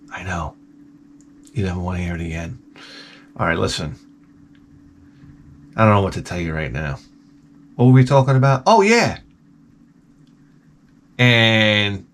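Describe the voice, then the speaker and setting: A man's voice: fairly low pitch, slight background noise. A man hosting a gaming channel, riffing through a rambling comedic monologue full of jokes, swearing and tangents. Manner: profane, joking, rambling tangents.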